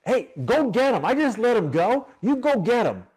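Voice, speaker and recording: A man voicing a flustered, bossy ancient king who fires off high, panicky questions. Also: big pitch swings, moderate pace, darkish tone, husky, heavily acted. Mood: commanding.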